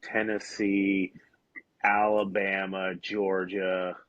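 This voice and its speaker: A man's voice: low voice, monotone, very slow, a bit bright, no echo. A man co-hosting a podcast in casual chat, laid-back, giving short agreeing replies. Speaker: podcast co-host. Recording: dull dry lo-fi sound.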